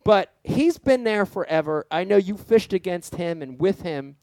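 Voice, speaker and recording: A man hosting a casual podcast, excitable and lively, who swears casually and calls people dude. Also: sits high, normal speed, no echo. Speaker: podcast host.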